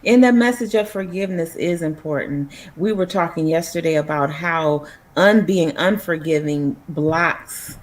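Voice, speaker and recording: A woman's voice: deep voice, unhurried. A woman hosting a talk show, affirming and encouraging her guest in faith-based talk.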